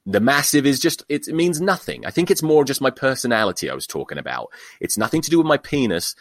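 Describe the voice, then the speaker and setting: A man's voice: medium pitch, fairly bright tone, dry recording. A man hosting his own solo podcast, ranting with profanity and self-mocking humor. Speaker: podcast host.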